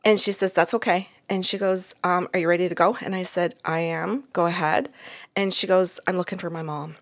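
A woman telling a story from a client session in a casual, animated way, acting out the voices in it and laughing often. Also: lowish voice, a little fast.

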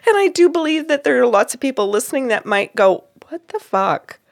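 Woman, podcast host, animated storyteller, dry close sound. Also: high-pitched, fast talker, vocal fry, dry recording. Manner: animated, acts out quoted dialogue. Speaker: podcast host and psychic reader. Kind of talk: casual storytelling chat.

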